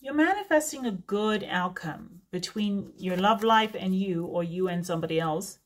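A woman host talks casually and off the cuff in a middle-pitched voice. She rambles from point to point and often breaks off into laughing asides. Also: animated, moderate pace. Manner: chatty, rambling, prone to laughing digressions. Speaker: tarot reader. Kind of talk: casual unscripted reading to camera.

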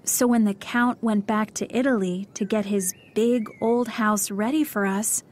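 A woman voicing a lonely young woman in mourning, speaking softly and wistfully in a storybook reading. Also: mid-range voice, steady tone, a little slow, pitched above the performer's own voice, lightly acted. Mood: sorrowful.

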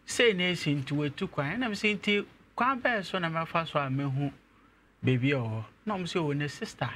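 A young man, an interview guest, telling his own story and growing animated as he recounts events. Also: on the high side, brisk, slight background noise. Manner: animated when retelling events, laughs.

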